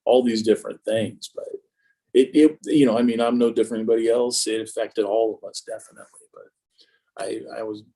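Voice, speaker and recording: This man in his fifties has a medium-pitched, mellow voice with a breathy edge, fairly even intonation, and a fast delivery, captured on a rough recording. As a guest in a casual interview, he tells stories about his life, poking fun at himself with joking humor.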